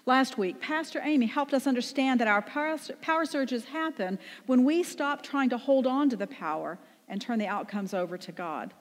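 A woman's voice: sits high, lively intonation, normal speed, few pauses. A woman pastor delivering a conversational sermon, often asking the congregation rhetorical questions. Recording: long reverb in a large room.

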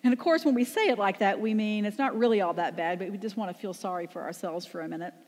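A woman's voice: medium pitch, fast talker, a little mellow. A woman pastor delivering a conversational sermon, often asking the congregation rhetorical questions. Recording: long reverb in a large room.

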